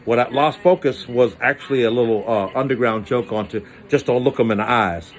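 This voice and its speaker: Brief: male storyteller, loose slangy comic monologue, voice leaps up for quoted bits. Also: brisk. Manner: animated, slangy, acts out voices with pitch jumps.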